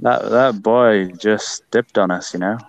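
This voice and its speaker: A man co-hosting a casual group podcast over voice chat, making crude jokes and quick reactions. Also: lowish voice, creaky, a little hiss or hum, low-quality recording. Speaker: podcast co-host.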